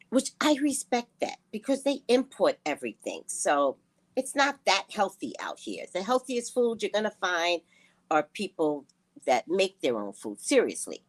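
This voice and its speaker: A woman vlogger casually telling a personal story to her viewers, animated and quick to laugh, with frequent asides to her audience. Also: medium pitch. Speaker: spiritual reader and vlogger.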